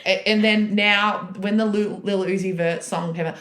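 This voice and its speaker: A woman's voice: medium pitch, fairly even intonation, moderate pace, a bit bright. Chatty young woman, roomy sound. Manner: chatty, candid, laughs through stories. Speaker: podcast guest. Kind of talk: casual chat. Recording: roomy echoey recording.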